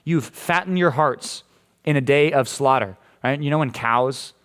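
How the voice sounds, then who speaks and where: A man with an American accent preaching a casual, playful sermon to junior high students, often checking in with questions. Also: a little slow, a bit bright, clean tone. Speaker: junior high youth pastor. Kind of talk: youth sermon.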